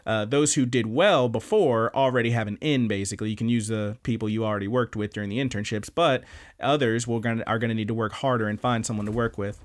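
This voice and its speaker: A man's voice: fairly low pitch, steady tone. A young man co-hosting an anime podcast, casually recapping episodes with loose, profane chatter. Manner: loose, profane, does quick silly character voices. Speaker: podcast co-host.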